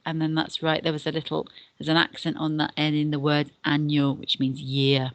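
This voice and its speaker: A woman with a notably low voice talks pupils through a beginner lesson. She explains patiently, repeating and spelling things out step by step. Her voice sounds close and dry, with no room echo. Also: little pitch movement, normal speed, few pauses, a bit bright. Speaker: deputy head and Spanish teacher. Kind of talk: recorded classroom lesson for beginners.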